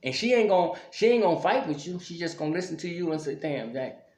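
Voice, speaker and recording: A man's voice: sits high, quick pace, darkish tone. A man giving preachy relationship advice straight to viewers in a casual monologue, often checking "you see what I'm saying". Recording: echoey room.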